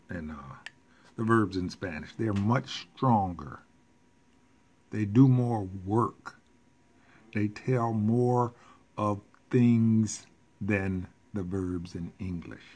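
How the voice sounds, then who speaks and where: A man teaching a recorded language lesson, explaining rules deliberately with casual asides and self-corrections. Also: deep voice, a little hiss or hum. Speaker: Spanish teacher.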